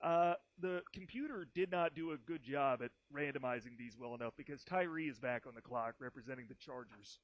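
A man hosting a casual sports chat over a video call from home, upbeat and quick to laugh. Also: medium pitch, no room sound, lo-fi sound. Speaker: podcast host.

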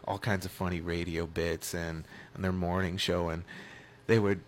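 Deep-voiced man, rambling sports banter. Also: level tone. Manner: rambling, halting, self-deprecating. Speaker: sports radio co-host. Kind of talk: casual sports talk.

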